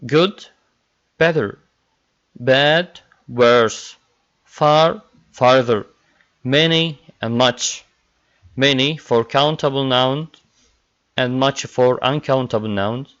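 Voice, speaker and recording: Slow-talking male English teacher. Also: mid-range voice, fairly bright tone. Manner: slow, repetitive drilling of word pairs. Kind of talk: classroom grammar lesson. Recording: dull lo-fi recording.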